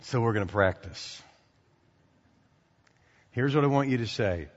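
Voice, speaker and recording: A male pastor preaching a sermon, swinging from loud animated passages to quiet conversational asides. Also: mid-range voice, normal speed, long pauses, long reverb tail, highs cut off. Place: church sanctuary.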